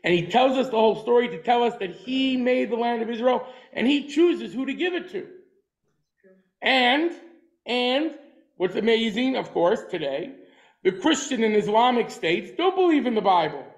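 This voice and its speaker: Male lecturer, very high pitch for a man, forceful and emphatic, repeats short lines for effect. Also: lively intonation, normal speed, rough recording. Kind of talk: lecture on a class.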